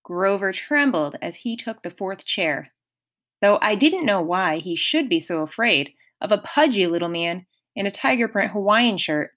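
A woman narrating an audiobook in a measured storytelling manner. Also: medium pitch, expressive, a bit bright.

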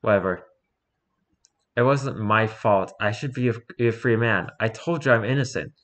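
A man's voice: lowish voice, moderate pace, fairly bright tone, natural voice. A man voicing a scoffing, defensive male convict who insists he is innocent. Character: dismissive, sarcastic male convict.

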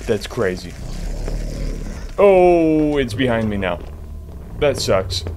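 A man's voice: on the low side, a little slow, a little hiss or hum. A man giving jumpy, profane commentary to himself while playing a horror game. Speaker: gamer.

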